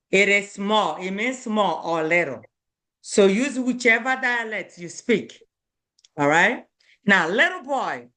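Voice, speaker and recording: A woman teaching an online beginner language class, repeating each word slowly and spelling out syllables for learners, firm when children stop paying attention. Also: medium pitch, fairly bright tone. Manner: slow, repeats words and stresses syllables for learners; firm with children who do not pay attention.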